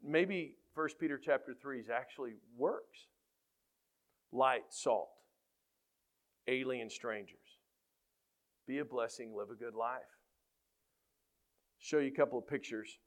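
Animated middle-aged football coach telling stories. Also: male voice, medium pitch, slow pace, pauses often. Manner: animated, gets loud when acting out quotes. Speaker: high school football coach. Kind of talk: faith-based storytelling talk.

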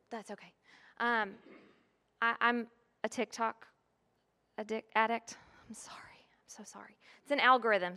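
A woman's voice: mid-range voice, pushed and bright. A woman giving a presentation to a church group on foster care work, earnest and a bit apologetic. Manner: earnest and apologetic, with frequent fillers. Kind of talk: presentation talk.

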